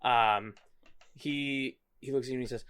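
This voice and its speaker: Guy running a tabletop game, lots of ums and likes, average pitch. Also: fairly even intonation, normal speed, fairly bright tone, clear, resonant tone. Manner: rambling, filler-heavy narration. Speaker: game master.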